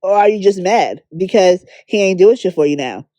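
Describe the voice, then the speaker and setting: A woman's voice: medium pitch, animated, moderate pace, dark tone, no room sound. A woman giving her candid, blunt opinions in a casual commentary vlog, swearing freely. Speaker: beauty drama commentator.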